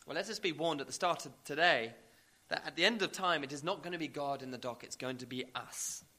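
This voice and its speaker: Male preacher, bright slightly high voice, emphatic sermon delivery, some hesitant fillers. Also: a little fast. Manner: emphatic, builds with rising repeated questions.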